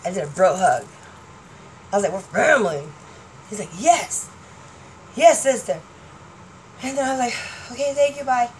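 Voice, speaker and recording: A woman vlogger talking casually to camera, chatty and excitable, laughing often. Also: fairly high pitch, slight background noise, rough recording. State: partially deaf.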